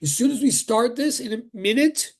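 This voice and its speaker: A male physics professor greets his class over a video call, chatty and quick to joke. His voice sits high for a man and carries a gravelly, frayed edge. He often breaks off his own sentences. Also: darkish tone. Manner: chatty, self-interrupting, joking. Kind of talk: casual online lecture greeting.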